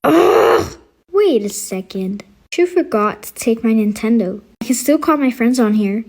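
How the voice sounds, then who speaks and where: High-voiced whiny daughter, woman doing it, sulky and talking back. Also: animated, measured pace, a little mellow. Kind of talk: home skit role-play.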